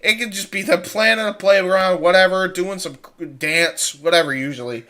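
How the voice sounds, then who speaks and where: A man guesting on a casual streamed chat, telling rambling, animated stories. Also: high-pitched, normal speed. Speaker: podcast guest.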